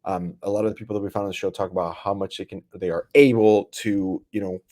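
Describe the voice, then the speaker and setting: A man's voice: sits low, little pitch movement, quick pace, dark tone. A man hosting a podcast in a laid-back, casual way with many fillers. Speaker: podcast host.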